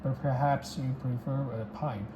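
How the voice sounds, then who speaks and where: A reader voicing a calm, polite detective asking probing questions, in a storybook reading recorded in an echoey room. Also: mid-range voice, unhurried, muffled recording, close to an everyday voice. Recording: echoey room, faint background hiss.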